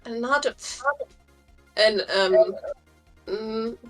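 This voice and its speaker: A woman's voice: fairly high pitch, extremely slow, soft background music, low-quality recording. A woman playing a tabletop game, chatting casually in a giggly, hesitant way, with many fillers.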